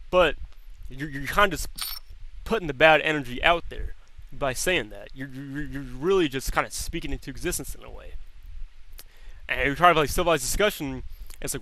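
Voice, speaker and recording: A man's voice: fairly high pitch, fast, bright, forceful tone. A young man streaming, chatting casually and swearing freely, repeating words as he thinks aloud. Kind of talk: casual chat.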